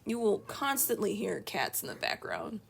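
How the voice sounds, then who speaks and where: A woman's voice: medium pitch, very animated, moderate pace, creaky, a little hiss or hum. A young woman chatting casually while she draws on a live stream at home, rambling and laughing often. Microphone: streaming from an iPad.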